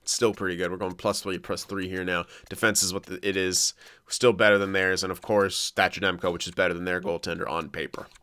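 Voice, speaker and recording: A young man casually commentating his own hockey game, excitable, thinking aloud and swearing often. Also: sits low, smooth. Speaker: gaming commentator.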